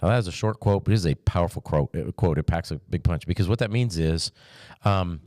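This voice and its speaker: Male pastor, very low voice, relaxed conversational teaching, dry close mic. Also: a little fast, dry recording. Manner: relaxed, chatty, with restarts and light humor.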